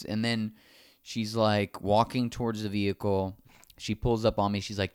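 A man's voice: lowish voice, normal speed, clear, resonant tone, no room sound, clean studio sound. A man casually telling a long anecdote, acting out the other people's lines as he goes. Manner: animated, acts out quoted dialogue.

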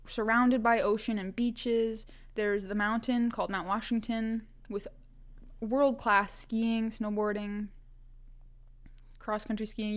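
A young woman from Vancouver Island in Canada hosting a casual solo podcast, chatty and self-mocking, often laughing and restarting her sentences. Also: medium pitch. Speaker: podcast host.

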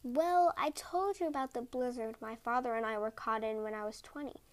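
A woman's voice: fairly high pitch, normal speed, lightly acted. A woman voicing an earnest, loving young husband. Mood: hesitant. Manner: earnest, pleading, cries out in alarm.

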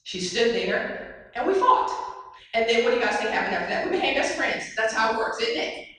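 Woman motivational speaker, animated and audience-engaging, bright tone, distant mic in a very reverberant hall. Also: fairly high pitch, a little fast. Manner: animated, asks the audience questions. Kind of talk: motivational speech with storytelling. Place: large hall before an audience. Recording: very echoey hall, far mic.

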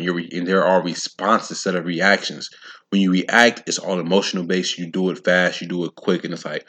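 A man's voice: low-pitched, flat delivery, brisk, a bit bright. A man hosting a solo podcast, talking straight to his listeners in a casual, slangy, preachy way and punching his points with sound effects. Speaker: podcast host. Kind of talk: solo motivational podcast monologue.

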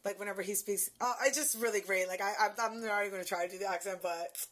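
A woman from Haiti in casual podcast chat, playful and expressive, with lots of slang. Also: mid-range voice, fast talker.

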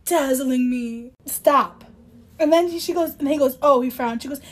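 High-voiced woman on a podcast, sarcastic and giggly, reads book bits out loud. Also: normal speed. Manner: laughing, sarcastic, reads passages aloud. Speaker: podcast co-host. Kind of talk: casual chat.

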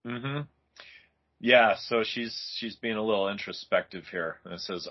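Man, low pitch, husky, relaxed, agreeable, comic podcast co-host, lo-fi audio. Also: moderate pace. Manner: relaxed, agreeable, laughs often. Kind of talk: casual comic book discussion.

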